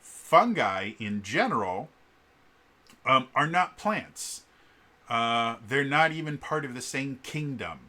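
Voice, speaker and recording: A man vlogging in a casual, explanatory way, often pausing with ums and uhs while he talks things through. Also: mid-range voice, expressive, sharp tone. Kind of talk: casual explanatory vlog talk.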